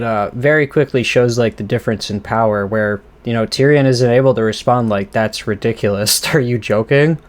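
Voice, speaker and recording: Laid-back man talking through a TV episode. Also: mid-range voice. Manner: casual, laughs often, swears, lots of fillers. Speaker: host. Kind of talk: off-the-cuff episode breakdown.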